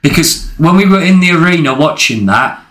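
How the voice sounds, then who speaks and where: A man with a slightly high, bright voice chats bluntly on a podcast and swears freely. The room behind him sounds echoey. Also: expressive, normal speed. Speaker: podcast co-host. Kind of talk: casual chat.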